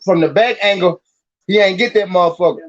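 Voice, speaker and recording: A man hosting a live watch-along of a game, excitable and profane, repeating himself as he reacts. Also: high-pitched, fairly quick. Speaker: livestream host. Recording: muffled lo-fi audio with clear noise.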